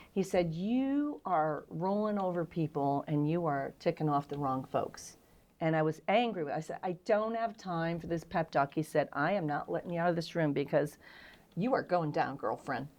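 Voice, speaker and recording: On an interview show, a middle-aged female guest with a deep voice candidly recounts self-deprecating stories. She's frank and animated throughout.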